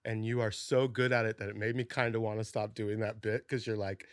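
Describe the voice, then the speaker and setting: A man's voice: lowish voice, little pitch movement, brisk, no room sound, clean studio sound. A man hosting a podcast in casual chat, enthusiastic and laughing along with his guest. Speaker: podcast host. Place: podcast studio.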